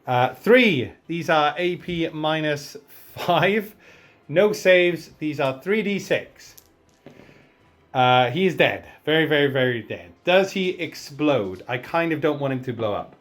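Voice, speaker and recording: A man talks through his turn in a tabletop miniatures battle, calling out dice results as he goes. His voice sits a little high, and he is chatty and self-mocking, getting excited whenever a roll goes his way. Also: slow. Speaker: tabletop wargame player narrating his turn. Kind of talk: casual battle report commentary.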